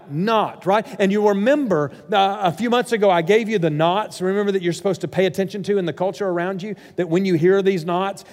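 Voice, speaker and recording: A man preaching a sermon as pastor, emphatic and swinging from loud declarations to hushed lines. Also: high-pitched. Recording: hall reverb.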